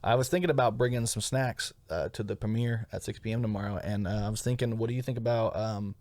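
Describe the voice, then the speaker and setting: A man's voice: on the low side, steady tone, fast talker, darkish tone, no room sound, clean studio sound. A man co-hosting a comedy podcast in casual, rambling chat, swearing freely and laughing often. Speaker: podcast co-host.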